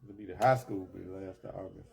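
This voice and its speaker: A man's voice: sits low, fairly even intonation, fast talker, gravelly, a little mellow. An older man, a grandfather talking easily in a casual chat and answering mostly with short agreeing replies. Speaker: guest.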